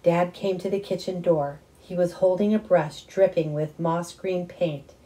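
A woman reading a children's novel aloud with expressive first-person narration. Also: on the low side, measured pace, low-quality recording. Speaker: audiobook reader. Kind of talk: storybook reading.

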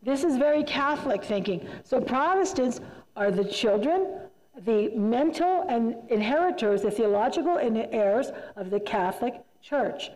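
A woman's voice: on the high side, lively intonation, unhurried, a little mellow. A woman giving a retreat talk to a church group, emphatic and conversational, often repeating herself for emphasis. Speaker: retreat speaker. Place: church hall. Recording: long reverb in a hall.

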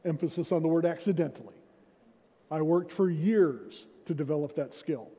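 A man's voice: a little high, moderate pace, warm tone, slightly rough. A man preaching a sermon as senior pastor, in a conversational way with self-deprecating humor, recorded in a church sanctuary. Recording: reverberant church hall.

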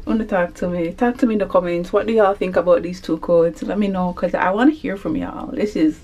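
A woman's voice: lowish voice, steady tone, brisk, hardly any pauses, mellow, a little hiss or hum. Playful, slangy young woman vlogging. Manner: playful, slangy, laughs often. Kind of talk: casual vlog chat. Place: clothing shops and city streets.

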